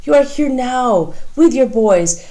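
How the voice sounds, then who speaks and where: A woman reading an audiobook, voicing a kindly older Puerto Rican great-uncle who talks gently and reassuringly and mixes Spanish into his English. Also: on the high side, expressive, takes it slowly, voice pushed up. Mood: warm. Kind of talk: audiobook character voice.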